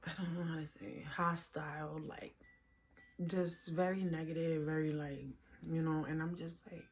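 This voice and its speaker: A woman's voice: low-pitched, level tone, normal speed, breathy edge. A woman in her twenties from the Bronx with a New York accent, telling her own story to camera in casual slangy talk. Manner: casual slangy talk, quoting others in voices, rising when heated.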